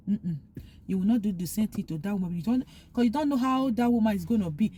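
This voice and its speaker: A woman's voice: medium pitch, fast talker, dark tone. A woman vlogger talking earnestly, giving heartfelt advice and repeating her points for emphasis. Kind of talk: casual opinion monologue.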